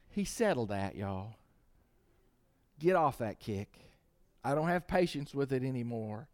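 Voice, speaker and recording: A man, preaching a sermon and swinging from quiet, low lines to shouted ones. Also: animated, a little slow, pauses often. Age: 50s. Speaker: pastor.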